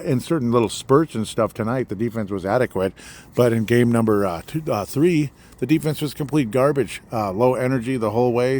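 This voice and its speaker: A Minnesota man with a mid-range, slightly mellow voice hosts a solo sports podcast outdoors by a fire pit at night. He rambles sarcastically with lots of fillers, and faint outdoor noise sits in the background.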